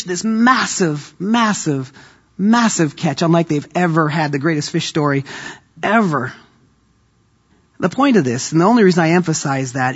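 A man's voice: fairly high pitch, husky, muffled recording. A man preaching a sermon, telling stories and acting out the voices of the people in them, building to emphatic peaks.

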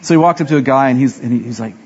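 A man's voice: medium pitch, rapid-fire, darkish tone, slightly rough, highs cut off. A man preaching a sermon as pastor, telling self-deprecating stories and acting out the dialogue.

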